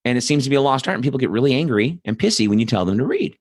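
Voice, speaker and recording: A man's voice: medium pitch, sing-song, rapid-fire, darkish tone, no echo, studio quality. A man hosting a political commentary show, talking in a blunt, profane, rambling monologue full of asides. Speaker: host.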